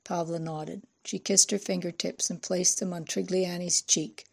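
A woman narrating an audiobook in a measured, even way. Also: lowish voice, vocal fry, slightly rough.

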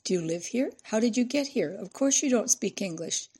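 A woman's voice: mid-range voice, animated, moderate pace, warm tone, husky, voice pushed up. A woman voicing a compassionate female journalist in an audiobook, speaking with emotion. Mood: shocked. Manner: emotional, tender.

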